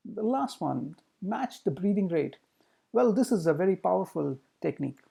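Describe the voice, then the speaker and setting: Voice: sing-song, normal speed, creaky, slightly rough. A communication trainer giving a recorded training talk, explaining with rhetorical questions. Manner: demonstrates pitch, pace and loudness with the voice.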